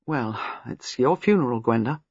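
A reader playing a clear-thinking young husband from a storybook, dry and skeptical, with a slightly husky tone. The sound is dry and close. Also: male voice, mid-range voice, expressive, moderate pace, a little mellow, no room sound, highs cut off, voice pushed down. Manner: lucid, skeptical.

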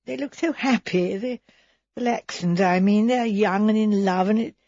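A woman voicing an impulsive, warm-hearted young woman who talks earnestly and haltingly. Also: mid-range voice, no echo, highs cut off, natural voice.

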